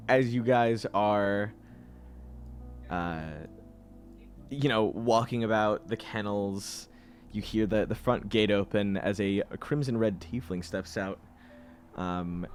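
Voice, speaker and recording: A man narrating as game master in a tabletop game, talking lively with many fillers. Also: fairly low pitch, takes it slowly, soft background music. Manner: lively, laughing, full of fillers.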